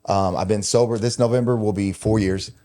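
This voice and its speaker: A middle-aged man talks through a personal story as a podcast host. His voice sits low and dark, and his delivery is confessional and emotional, with plenty of casual swearing. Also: steady tone, a little fast. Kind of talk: candid conversational storytelling.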